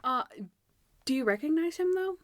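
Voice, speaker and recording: A woman's voice: high voice, lively intonation, normal speed, no room sound. Chatty woman podcast co-host, dry close mic. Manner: chatty, laughs often, mimics characters. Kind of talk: casual episode review chat.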